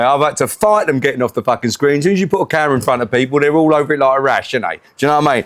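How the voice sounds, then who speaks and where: A man's voice: on the high side, fairly bright tone. A middle-aged man hosting a casual cooking vlog, joking, laughing often and swearing freely. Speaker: home cooking vlogger.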